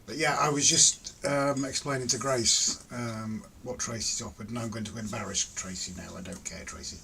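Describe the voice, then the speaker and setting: A man's voice: mid-range voice, steady tone, moderate pace, vocal fry, sharp tone. A middle-aged man hosting a casual live stream, reading out viewer comments in a teasing, jokey way and laughing often. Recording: distant mic with faint ambient noise.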